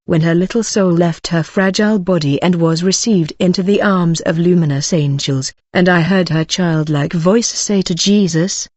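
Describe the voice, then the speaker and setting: A woman's voice: on the low side, a little slow, few pauses, a little mellow, no room sound. Solemn woman narrating a story. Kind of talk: scripted first-person narration.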